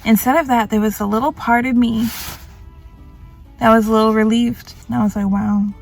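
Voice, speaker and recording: A woman's voice: a little high, fairly even intonation, fairly quick, creaky, soft background music. A young woman vlogging casually, tired and self-mocking as she rambles about her worries. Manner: rambling, self-mocking, quotes others in put-on voices. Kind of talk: casual confessional vlog. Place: grocery store.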